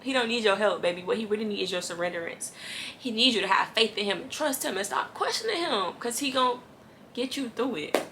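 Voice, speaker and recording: A woman's voice: on the high side, expressive, brisk, bright, forceful tone, a little hiss or hum. A woman giving an earnest, casual devotional talk to camera, encouraging viewers and repeating lines for emphasis. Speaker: Christian faith vlogger.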